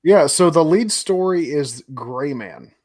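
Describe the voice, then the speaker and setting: A man's voice: a little high, animated, slow, darkish tone. A man hosting a podcast in casual chat, reacting and handing over the questions. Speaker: podcast host.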